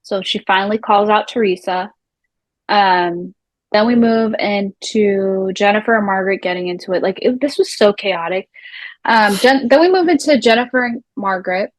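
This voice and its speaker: A woman's voice: mid-range voice, normal speed, no room sound, poor audio. Woman chatting in a dry, close sound. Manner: animated, swears casually, mimics the people she quotes. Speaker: recap show co-host. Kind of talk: casual TV recap chat.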